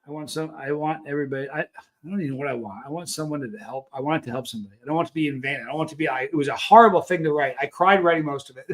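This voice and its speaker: A man's voice: fairly high pitch, rapid-fire, a bit bright. A middle-aged man hosting a casual livestream, reading out and answering chat comments in an earnest, rambling way with many restarts. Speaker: livestream host.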